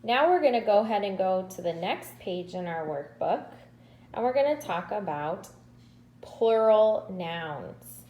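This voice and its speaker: A woman's voice: medium pitch, big pitch swings, echoey room, lo-fi sound. A woman teaching kindergarteners in a recorded lesson, speaking patiently and stretching out syllables. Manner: slow, patient, drawn-out syllables. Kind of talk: recorded remote lesson to children.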